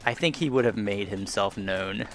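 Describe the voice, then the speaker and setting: Gravelly low-voiced man narrating gameplay. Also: normal speed, faint music behind. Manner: rambling, self-deprecating, chuckles often. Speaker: gaming YouTuber. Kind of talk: casual VR gameplay commentary. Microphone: headset boom mic.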